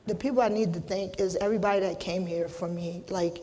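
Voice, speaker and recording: Middle-aged woman, emotional inductee, choked-up, casual, restarts often, monotone, long reverb. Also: lowish voice. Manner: halting, repeats herself, casual slang. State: holding back tears. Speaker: hall of fame inductee. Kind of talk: emotional acceptance speech.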